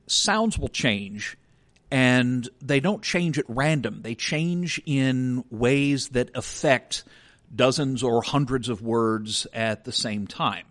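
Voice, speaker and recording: A man's voice: medium pitch, a bit bright. A man co-hosting a podcast, explaining ideas in a casual educational chat and walking through examples step by step. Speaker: podcast co-host.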